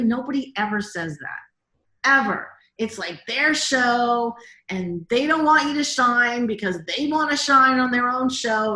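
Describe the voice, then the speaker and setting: A woman director speaking in an interview, telling animated stories full of quoted reactions and frequent "like"s. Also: mid-range voice, moderate pace, reverberant. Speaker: guest, TV director. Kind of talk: casual interview storytelling.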